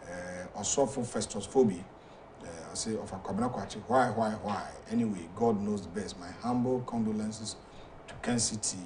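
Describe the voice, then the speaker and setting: A Ghanaian man with a fairly low voice hosts a talk show, reading out viewer messages haltingly and stumbling over names. He sits back from the microphone, and steady background noise runs under his voice. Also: recorded from a distance. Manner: halting, hesitant reading with frequent fillers.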